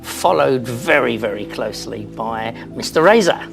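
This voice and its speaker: A man answering questions as a studio guest in a deadpan, mock-serious way. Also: medium pitch, moderate pace, gravelly, over music. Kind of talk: deadpan comic interview.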